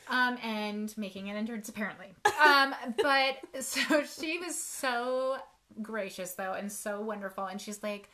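A woman's voice: medium pitch, a little slow, bright, forceful tone. A woman author in her thirties co-hosting a casual chat, telling self-mocking stories and laughing often. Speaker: podcast co-host, author.

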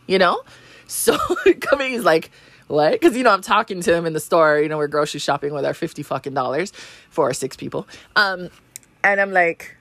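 A woman's voice: fairly low pitch, big pitch swings, moderate pace, fairly bright tone, no echo. A woman, hosting a podcast and telling a story in a casual way. She talks freely, swears, laughs often and says "you know" a lot. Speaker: podcast host.

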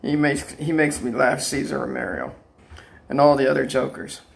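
A man's voice: medium pitch, steady tone, moderate pace, gravelly, breathy edge. An older man talks in a rambling personal monologue, defiant and taunting, and he breaks into laughter now and then. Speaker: vlogger.

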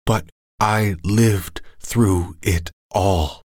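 A man reading a first-person story aloud in a calm, measured, somber way. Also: lowish voice, no room sound, studio quality. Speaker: narrator.

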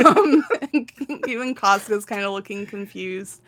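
Animated young woman retelling a story. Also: on the high side, measured pace. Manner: animated storytelling, acts out characters' lines, frequent laughter and fillers. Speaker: podcast co-host recapping a manga. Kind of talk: casual chat.

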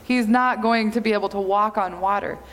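A woman pastor giving an earnest, measured sermon in a church. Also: medium pitch. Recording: long hall reverb.

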